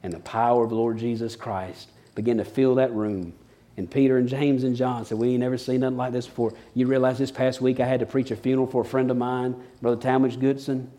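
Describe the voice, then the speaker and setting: A man's voice: medium pitch, fast talker. A man, preaching a sermon in a folksy, storytelling way and acting out the people in it. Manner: folksy, animated storytelling with dramatized quotes. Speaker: pastor.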